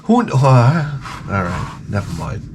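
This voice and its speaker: A man's voice: medium pitch, wildly swooping pitch, unhurried, a little hiss or hum. A man telling a rambling, profane comic story in a casual rant as a gaming video host. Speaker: retro gaming YouTuber.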